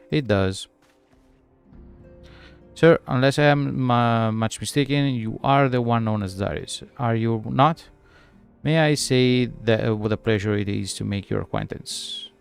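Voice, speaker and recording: A man voicing a courteous, formal male guild emissary, reading the lines haltingly. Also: medium pitch, vocal fry, clear, resonant tone, soft background music.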